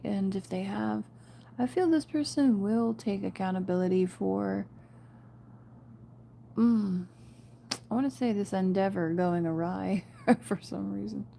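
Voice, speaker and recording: A woman's voice: mid-range voice, creaky, mellow, slight background noise. A woman giving a casual spiritual reading to viewers, chatty and often laughing. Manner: chatty, laughs often, addresses viewers as "you guys" and "y'all". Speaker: tarot reader.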